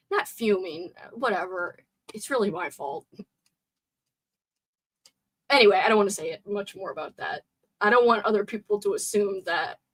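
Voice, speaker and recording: A woman's voice: a little high, a bit bright. A young woman hosting a casual livestream from a room at home, chatting playfully and answering her viewers' messages aloud. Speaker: livestream host. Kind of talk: casual live chat with viewers.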